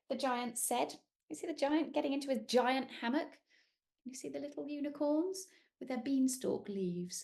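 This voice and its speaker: A British woman reading a picture book aloud to young children, animated and sing-song, asking them questions and inviting them to join in. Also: sits high, moderate pace, vocal fry.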